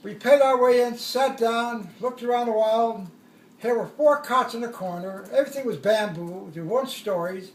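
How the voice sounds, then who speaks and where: An older man telling a war story in a casual, rambling way, chuckling and acting out shouted quotes. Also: very high voice, normal speed, far from the mic, a little hiss or hum. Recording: echoey room, voice away from the mic.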